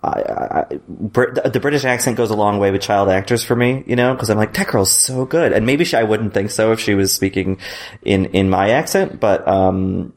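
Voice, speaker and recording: A man's voice: fairly low pitch, moderate pace, a little mellow. A man co-hosting a podcast in casual chat, hesitant with many fillers. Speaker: podcast co-host.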